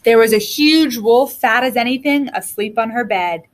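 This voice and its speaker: A woman reading a children's storybook aloud with an expressive, lilting delivery. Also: on the high side, normal speed. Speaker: reader.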